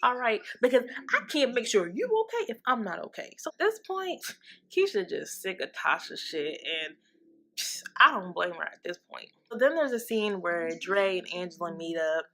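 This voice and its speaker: A woman's voice: mid-range voice, normal speed. Candid, profane woman recapping a TV show. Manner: candid and profane, animated reactions. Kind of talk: casual episode recap.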